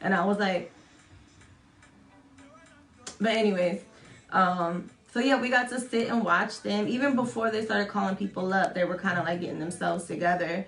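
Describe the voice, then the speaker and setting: A young woman vlogger tells a story to the camera in an echoey room, chatty and casual, swearing often and poking fun at herself. Her voice is slightly bright and creaky, at a normal speed with frequent pauses. She acts out quotes in high-pitched voices.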